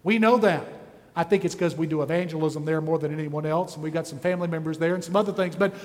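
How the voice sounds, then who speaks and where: An intense male preacher delivering a sermon with a high voice. He drives his points home with one rhetorical question after another. The sound carries a long reverb from a large church hall. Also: quick pace, a little mellow. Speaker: pastor.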